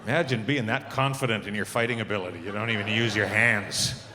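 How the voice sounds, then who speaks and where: A middle-aged man performing a stand-up comedy set on stage, telling animated stories and acting out the voices he quotes. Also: lowish voice, fairly quick. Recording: reverberant club with audience laughter.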